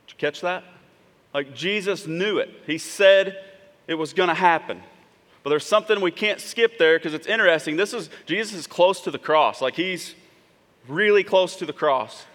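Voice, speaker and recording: A man's high-pitched, fairly bright voice, at normal speed, carries through a church sanctuary with long hall reverb. He is a pastor delivering a sermon, addressing the congregation conversationally and often pausing for asides to check in.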